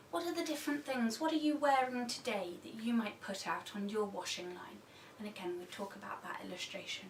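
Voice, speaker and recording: A woman teacher giving a read-aloud tutorial for early years, animated and full of gasps and animal sounds. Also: medium pitch, a little fast, slight background noise. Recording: roomy sound from a distance.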